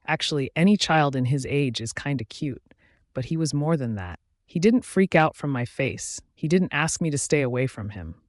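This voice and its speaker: A gentle young woman with scars on her face, soft-spoken and grateful, as a male reader puts her on. She speaks in a rather high, subdued voice in a werewolf audiobook. The recording is close and dry. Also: expressive, normal speed, dry recording, close to an everyday voice. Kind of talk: audiobook narration.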